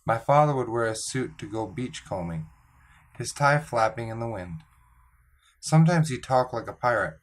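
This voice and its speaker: A man reading a children's novel aloud in calm, measured storytelling narration. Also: medium pitch. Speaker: audiobook reader.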